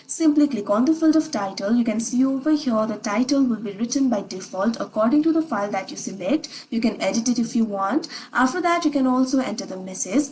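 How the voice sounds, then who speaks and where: A woman's voice: on the high side, darkish tone, a little hiss or hum, rough recording. Woman narrating a step-by-step screen tutorial. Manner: instructional, step-by-step, repetitive phrasing.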